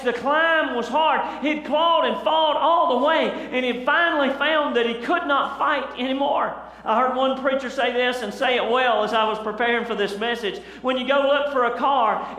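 A man's voice: extremely high pitch, a bit bright. A man preaching a fervent sermon, asking the congregation questions. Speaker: pastor. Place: large church hall. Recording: echoey church hall recording.

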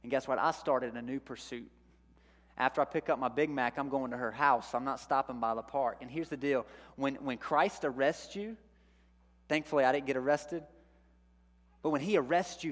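Animated preacher in a reverberant church. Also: male voice, medium pitch, normal speed. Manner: animated storyteller, acts out his own panic. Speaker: youth pastor. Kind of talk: sermon with personal story. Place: church sanctuary. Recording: long hall reverb.

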